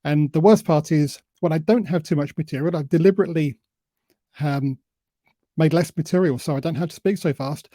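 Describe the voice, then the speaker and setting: A man giving a presentation on public speaking, who admits he tends to talk too fast and deliberately varies his pace and emphasis. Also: a little high, warm tone, dry recording. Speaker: invited speaker.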